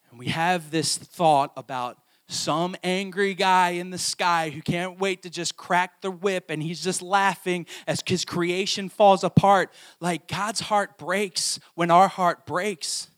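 A male pastor with a fairly high voice delivers a personal sermon. He moves between hushed, tender lines and loud, pleading peaks.

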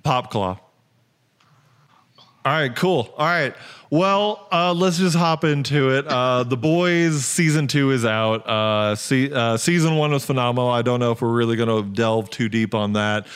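A man's voice: mid-range voice, a little slow, a bit bright, clean tone. A man hosting a casual podcast, rambling with lots of ums and uhs. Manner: rambling, many fillers and restarts. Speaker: podcast host. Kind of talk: casual chat.

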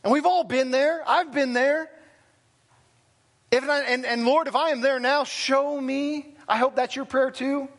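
A man's voice: very high-pitched, steady tone, moderate pace, fairly bright tone. A man preaching a sermon as pastor, talking plainly and conversationally with self-deprecating asides. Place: church sanctuary.

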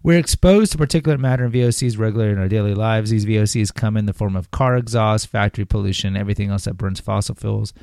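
A man's voice: on the low side, fast, vocal fry, hardly any pauses, darkish tone, no room sound, clean studio sound. A man hosting a podcast, reading material aloud and breaking off into rambling, sarcastic asides. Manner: rambling, sarcastic asides, reads then riffs. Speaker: podcast host. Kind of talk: casual commentary on health topics.

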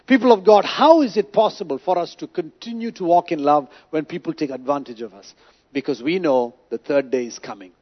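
A man's voice: fairly high pitch, brisk, lo-fi sound. A man preaching a sermon with emphasis, asking the congregation rhetorical questions. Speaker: pastor.

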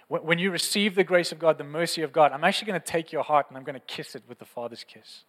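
Passionate preacher man, slightly high voice. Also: fast, few pauses, a bit bright, in a large hall. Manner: earnest, passionate, conversational preaching with repeated phrases. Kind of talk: sermon. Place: church.

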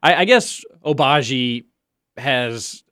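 A man in casual sports talk, opinionated and animated, jumping in with quick rebuttals. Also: medium pitch, clean tone, dry recording, studio quality.

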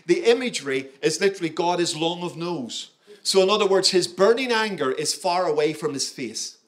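Male pastor, sermon delivery, slightly raised pitch, punchy and interactive with the congregation. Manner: emphatic, engaging, asks the audience questions.

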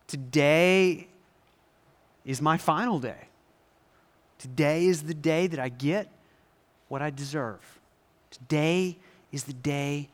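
A man voicing a condemned male prisoner's resigned inner thoughts, quiet, slow and brooding. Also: on the high side, pitched below the performer's own voice. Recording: long reverb in a large hall.

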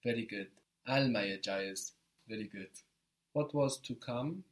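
A man's voice: mid-range voice, unhurried. A man teaching a spoken language lesson, patiently explaining step by step and encouraging his student.

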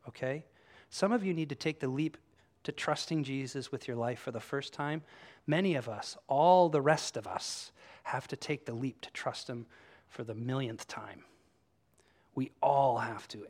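A man preaching a sermon to his congregation, animated and conversational, acting out quoted voices as he tells the story. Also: mid-range voice. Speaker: pastor. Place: church room with congregation.

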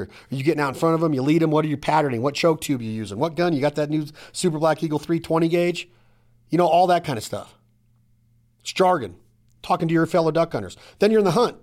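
A middle-aged man hosting a casual hunting podcast, talking in an energetic, emphatic, rambling way. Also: a little high, fast. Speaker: podcast host.

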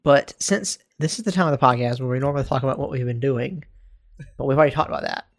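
A man from North Carolina co-hosting a casual podcast, telling anecdotes in a lively way and often laughing as he talks. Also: medium pitch, fast talker. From North Carolina, USA. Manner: animated storytelling, laughing while telling anecdotes. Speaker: podcast co-host.

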